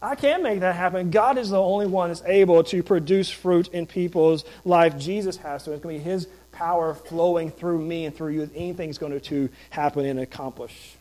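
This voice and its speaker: A man's voice: fairly high pitch, normal speed, hardly any pauses, mellow, poor audio. A man who is a pastor, preaching a sermon in an emphatic, conversational way with rhetorical questions.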